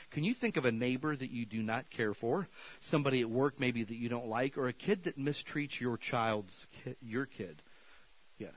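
A male pastor preaching to a church congregation in a folksy, down-to-earth way. His voice swings widely in pitch, climbing high and loud when he urges people on and dropping low and soft when he prays. The talk stays conversational, with plain, casual phrasing. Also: rough recording. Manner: animated, rising to shouted exhortations, then quiet prayer. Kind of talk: sermon. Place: church sanctuary.

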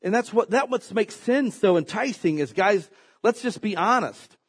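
A pastor preaches a sermon in a folksy, joking style, acting out quotes as he tells animated stories. His voice is high-pitched and slightly rough, at a moderate pace.

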